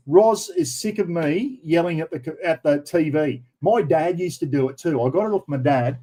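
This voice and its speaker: Middle-aged man, Australian accent, casual livestream chat, rambling and matey, slightly high, dark mellow tone. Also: moderate pace, few pauses, rough recording. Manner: chatty, rambling, frequent "mate". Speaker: livestream host. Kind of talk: casual livestream chat reading viewer comments. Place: home computer room.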